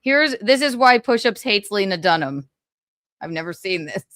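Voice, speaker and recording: A woman's voice: medium pitch, animated, normal speed, fairly bright tone, dry recording, clean studio sound. A woman hosting a casual pop-culture gossip livestream, chatty and giggly, saying she is exhausted. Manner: chatty, giggly, tired asides. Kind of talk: casual chat.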